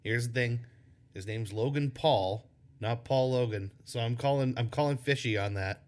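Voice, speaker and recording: A man's voice: mid-range voice, normal speed, darkish tone. A man co-hosting a casual podcast chat, joking in a playful, wry way. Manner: playful, wry, goofy asides. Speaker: podcast co-host.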